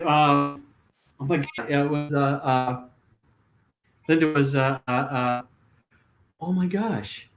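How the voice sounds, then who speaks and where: A man's voice: on the high side, steady tone, slow, long pauses, muffled recording. An older man, a guest, telling stories animatedly with lots of fillers and restarts. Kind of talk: casual storytelling. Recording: roomy echo.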